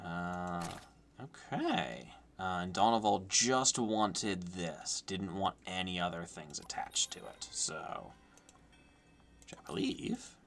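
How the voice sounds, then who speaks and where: A man's voice: sits low, animated, takes it slowly, vocal fry, noisy background. A man streaming a cozy game, reading dialogue aloud playfully and laughing along. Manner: playful, giggly, reads game text in character.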